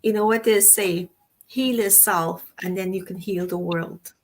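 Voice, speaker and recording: A woman's voice: medium pitch, steady tone, measured pace. A woman co-hosting a casual talk show, speaking effusively and rambling, with frequent restarts and rephrasings. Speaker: co-host.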